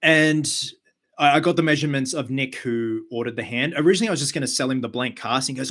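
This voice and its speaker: A man hosting a casual live stream, chatty with quick asides and fillers. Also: on the high side, fairly bright tone. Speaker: host of a live show.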